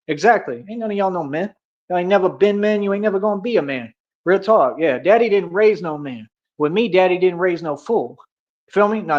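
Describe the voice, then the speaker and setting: A man's voice: high voice, lo-fi sound. A young American man streaming a casual rant. He is boastful and confrontational, and he talks in street slang. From United States.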